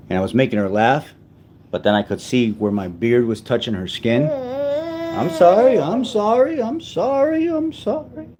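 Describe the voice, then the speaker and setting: A man hosting a casual livestream, chatting gently and unhurriedly as a father while he tends his baby. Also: fairly low pitch, a little hiss or hum.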